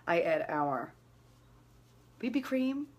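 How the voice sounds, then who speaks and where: A woman's voice: fairly low pitch, very animated, slow pace. A woman in her thirties chatting casually through her skincare and makeup routine, rambling and laughing at herself. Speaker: beauty vlogger.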